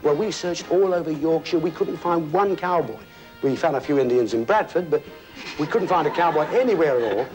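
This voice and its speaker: A man's voice: a little high, animated, a little fast, a little mellow, soft background music, poor audio. A man hosting a television game show, chatty and jokey, talking to contestants and a studio audience. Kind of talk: upbeat studio presenting.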